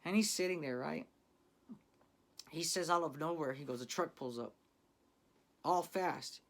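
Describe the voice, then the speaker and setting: A man's voice: a little high, unhurried. A man hosting his own channel tells a crime story in loose street slang. He swears freely and keeps turning to the viewers as "guys," in a casual, confiding storytelling way.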